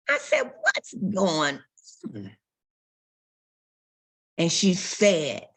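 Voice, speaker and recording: A woman's voice: a little high, big pitch swings, slow, pauses often, sharp tone. A woman pastor preaching a sermon, telling stories and acting out quotes and barking sounds.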